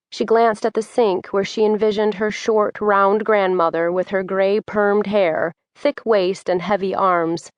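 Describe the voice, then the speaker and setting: A woman reading an audiobook in measured, descriptive scripted narration. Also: mid-range voice, steady tone, clear, resonant tone, no echo.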